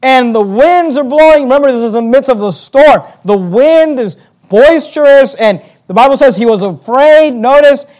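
High-voiced man preaching a sermon. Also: expressive, moderate pace, darkish tone. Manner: reads King James scripture aloud, then explains it plainly; emphatic, argumentative preaching.

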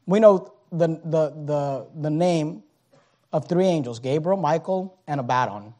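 A man preaching a sermon, acting out the scripture characters and swinging from hushed tones to shouting. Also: on the high side, a little slow. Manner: dramatic, acts out the scripture characters.

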